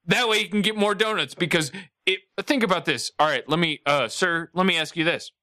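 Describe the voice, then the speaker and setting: A man's voice: sits high, fairly quick, bright, forceful tone, no room sound, studio quality. A man hosting a prank phone call, pushy and rambling, coaxing the other side again and again. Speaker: host making a prank call.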